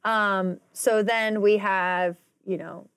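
A woman's voice: mid-range voice, steady tone, slow pace, fairly bright tone, clear, resonant tone, no room sound, studio quality. Chatty woman recapping a TV episode. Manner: chatty, rambling with side notes and acted-out quotes. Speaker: podcast co-host. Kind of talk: casual recap chat.

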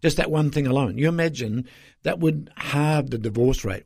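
A man's voice: mid-range voice, moderate pace, creaky, a little mellow, husky, no echo, clean studio sound. An older man, a pastor telling stories earnestly as an interview guest, rambling with fillers.

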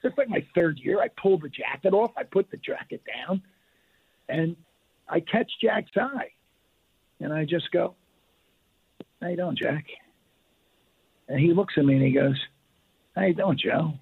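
Older male guest, retired ref, gravelly and husky, lively storyteller, phone-line sound. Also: fairly high pitch, normal speed. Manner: animated, restarts and repeats words.

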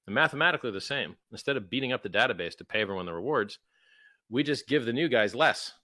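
A man's voice: medium pitch, animated, fast, sharp tone, no echo, clean studio sound. A man being interviewed, talking emphatically and acting out quoted exchanges in mocking voices. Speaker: guest, crypto founder. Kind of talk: animated interview talk.

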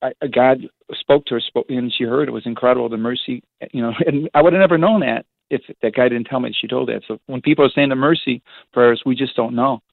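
A man, a priest, telling stories in a rambling, animated way with many restarts, heard over a phone line. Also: medium pitch, fast talker, creaky, no room sound. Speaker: priest, guest. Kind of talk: casual storytelling on a phone-in show. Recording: tinny phone line, dry.

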